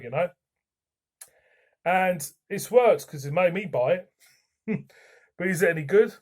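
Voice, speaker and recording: A man's voice: sits high, animated, measured pace, pauses often, a little mellow. A man giving a blunt, frank beer review in a casual vlog, swearing now and then.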